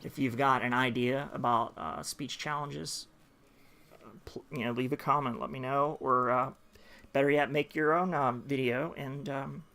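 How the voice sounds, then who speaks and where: A man giving casual, rambling gameplay commentary, full of pauses and restarts. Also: mid-range voice, vocal fry, a bit bright. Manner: rambling, with many fillers and restarts. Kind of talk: casual let's-play commentary. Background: game music.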